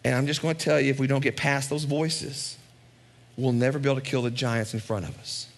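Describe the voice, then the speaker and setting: A man's voice: medium pitch, steady tone, fairly quick. A male pastor preaching a sermon in a conversational way, with asides and repeated lines for emphasis.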